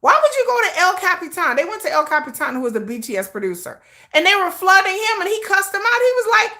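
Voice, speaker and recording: A woman's voice: very high-pitched, big pitch swings, quick pace, pushed and bright. A middle-aged woman hosting a casual livestream, talking animatedly with chat, laughing often and swearing freely. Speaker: livestream host.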